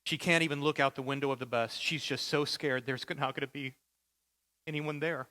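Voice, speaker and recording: A man's voice: mid-range voice, fairly even intonation, normal speed, pushed and bright. A male pastor preaching a sermon with vivid, dramatic storytelling.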